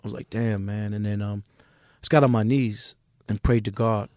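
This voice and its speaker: A man's voice: on the low side, steady tone, moderate pace, a little mellow, no echo, clean studio sound. A middle-aged man from Queens with a New York accent, a music manager telling his story bluntly and profanely as a podcast guest. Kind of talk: candid podcast interview.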